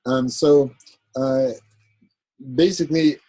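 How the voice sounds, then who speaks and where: A man teaches an Arabic grammar class, explaining patiently and often asking "right?" along the way, though his speech is halting with fillers and self-corrections. His mid-range voice is steady and dark, and the recording is poor, with no room sound.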